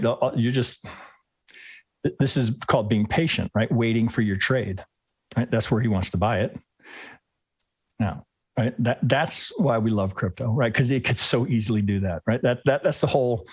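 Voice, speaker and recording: A man's voice: medium pitch, slightly rough, dry recording. A man hosting a live trading lesson, talking through charts as he thinks, often ending thoughts with "right?" and restarting his sentences. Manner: rambling, thinks aloud, tags lines with "right?"; frequent restarts and self-corrections. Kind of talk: live screen-share chart analysis.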